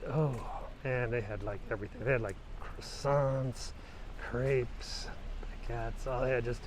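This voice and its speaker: A man's voice: medium pitch, moderate pace, a little hiss or hum, poor audio. A middle-aged man vlogging on a snowy walk outdoors, chatting in a rambling, anecdotal way as he films on a handheld camera. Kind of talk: casual walking tour commentary. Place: snowy city street outdoors.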